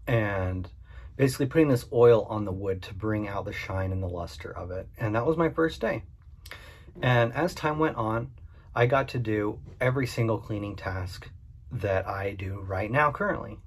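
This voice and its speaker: A man's voice: lowish voice, slightly rough. A man who runs a cleaning business, casually and candidly telling a story about his past work to the camera. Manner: conversational and candid, with frequent fillers.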